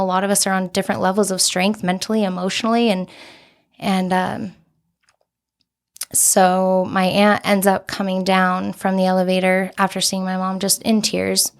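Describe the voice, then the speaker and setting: A young adult woman, a podcast guest, telling a personal story in an earnest, candid way with many casual fillers. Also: medium pitch.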